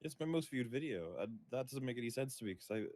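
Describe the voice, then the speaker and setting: A man's voice: medium pitch, expressive, fast, a little mellow, dry recording. A man appearing as a guest on a live stream, chatting casually and laughing at himself. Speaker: guest video creator. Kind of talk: casual chat.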